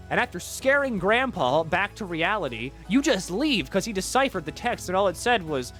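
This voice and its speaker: A young man streaming a game, retelling its story with animated, sarcastic and profane commentary. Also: high-pitched, moderate pace, hardly any pauses, soft background music. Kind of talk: casual gameplay commentary.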